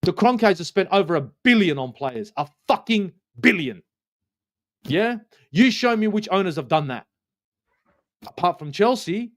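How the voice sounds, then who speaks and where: A man with an Australian accent, co-hosting a football fan stream and ranting bluntly with plenty of swearing. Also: fairly high pitch. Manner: blunt, profane, worked-up. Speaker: co-host. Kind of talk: heated fan rant.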